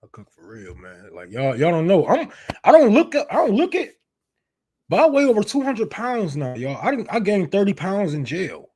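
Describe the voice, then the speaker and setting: A man's voice: sits high, wildly swooping pitch, moderate pace, a little mellow, breathy edge. Loose, profane man chatting on a livestream. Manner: loose, profane, laughing often. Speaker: livestream host. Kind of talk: casual livestream chat.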